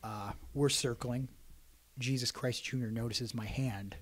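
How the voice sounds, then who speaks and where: Animated male wrestler telling a story. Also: mid-range voice, measured pace. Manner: animated storyteller, acts out quotes. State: hoarse voice. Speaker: podcast guest, pro wrestler. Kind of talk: casual storytelling chat.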